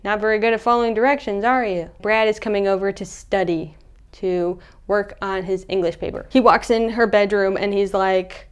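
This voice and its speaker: A young woman casually recapping a movie in a chatty, animated way, acting out the characters' lines. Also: mid-range voice, brisk, clean tone. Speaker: movie reviewer.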